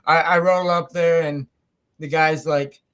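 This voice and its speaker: A man's voice: a little high, unhurried, smooth. A man with a rural Michigan accent hosting a casual interview, telling stories and acting out exchanges. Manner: chatty storyteller, animated when retelling exchanges. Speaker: podcast host.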